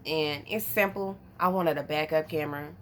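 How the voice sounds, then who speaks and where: A woman from North Carolina, telling a story to her vlog viewers in a casual, animated, profane way, calling them y'all. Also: low-pitched, normal speed, a little hiss or hum. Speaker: vlogger.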